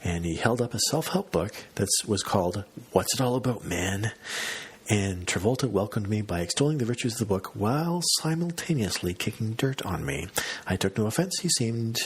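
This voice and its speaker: A man's voice: on the low side, expressive, normal speed, slightly rough. A man hosting a podcast, telling a long story in a casual, self-mocking monologue. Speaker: podcast host.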